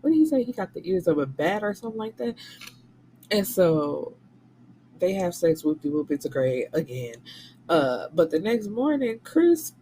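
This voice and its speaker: A woman with a fairly low voice talks through a novel she has read, casual and blunt, cursing freely. She jumps into the voices of the people she quotes as she goes. A faint hiss sits under her voice. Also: moderate pace, rough recording. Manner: animated, blunt and profane, slipping into quoted voices. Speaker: book reviewer and channel host. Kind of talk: casual book recap.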